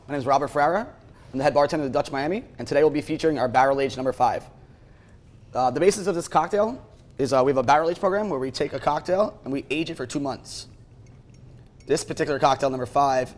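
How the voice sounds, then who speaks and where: A man working as head bartender, giving a friendly, steady explanation of a cocktail at a restaurant bar. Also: fairly high pitch. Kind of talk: cocktail demonstration. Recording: faint background noise.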